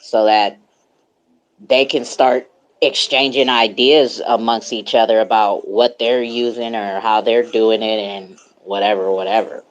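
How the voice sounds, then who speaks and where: A woman's voice: a bass voice, fairly even intonation, a little slow, dull audio. A woman hosting a casual online group chat, speaking into her phone in a laid-back, slangy way with plenty of fillers and frequent laughter. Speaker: host of a social audio chat room.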